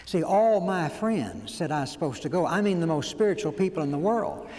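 A man, preaching a sermon as folksy, animated storytelling and acting out quoted voices. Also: on the high side, a little fast. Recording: long hall reverb, faint background noise.

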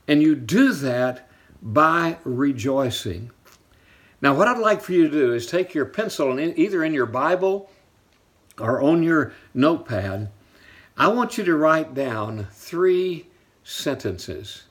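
A man preaching a sermon from the pulpit, telling a story and then teaching from it. His voice sits in an ordinary middle range. He slows right down to stress the lines that matter and drops low for quiet asides. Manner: storytelling preacher, shifts pace for emphasis, drops to soft asides. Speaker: pastor.

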